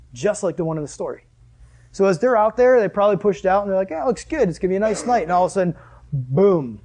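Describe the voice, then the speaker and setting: Animated high-voiced young preacher. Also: male voice. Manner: animated, jokey, acts out the characters in his stories. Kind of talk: youth sermon storytelling.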